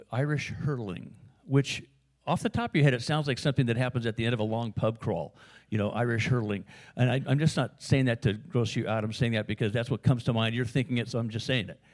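A man's voice: mid-range voice, darkish tone. American pastor guy chatting through a sermon, lots of uh and you know, regular middle voice. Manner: conversational storytelling with asides and fillers.

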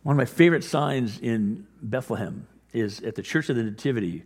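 Guy preaching, chatty then fired up, mid-pitched voice, long echo like a big church hall. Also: fairly quick, husky. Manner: conversational, animated when acting out scripture. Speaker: pastor. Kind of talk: sermon. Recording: long reverb of a large hall.

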